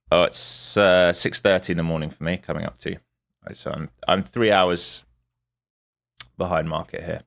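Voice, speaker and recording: A man's voice: low voice, a little slow, vocal fry, long pauses. A man hosting a live trading stream, thinking aloud over his charts in a casual, rambling way, greeting viewers by name and correcting himself as he goes. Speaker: day trader and stream host.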